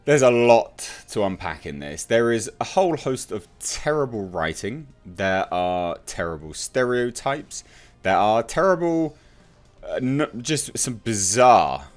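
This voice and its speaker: A man's voice: mid-range voice, very animated, unhurried. A British man hosting an opinionated TV review, ranting bluntly and sarcastically. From Britain. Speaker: TV reviewer host.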